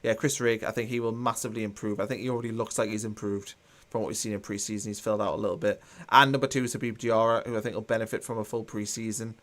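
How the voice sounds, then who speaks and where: A man's voice: lowish voice, little pitch movement, fast talker, few pauses, a bit bright. Chatty man. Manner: chatty, reads viewer comments aloud, mildly sarcastic. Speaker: watchalong host. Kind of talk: live football watchalong commentary.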